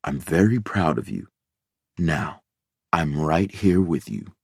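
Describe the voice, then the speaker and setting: A man voicing a calm middle-aged doctor who speaks slowly in a reassuring baritone. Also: gravelly, husky, no room sound, studio quality, exaggerated voice. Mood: soothing. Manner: slow, soothing, reassuring baritone.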